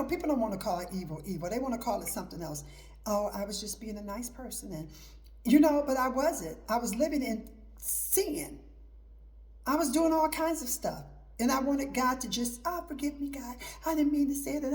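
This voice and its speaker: A woman's voice: fairly high pitch, a little mellow. A middle-aged woman hosting her own show, giving an emphatic, repetitive preaching talk mixed with personal testimony. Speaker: host.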